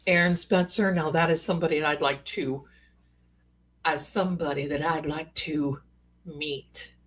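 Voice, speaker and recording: A woman's voice: sits low, fairly even intonation, moderate pace, slightly rough. Chatty folksy woman streaming live. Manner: chatty, folksy, sassy asides. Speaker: psychic livestream host. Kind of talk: casual live-stream chat.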